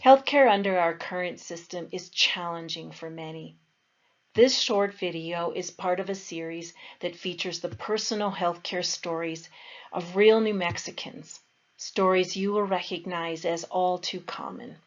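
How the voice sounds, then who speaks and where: A woman, a family nurse practitioner, reading a scripted introduction in a measured, formal way. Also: fairly low pitch, highs cut off.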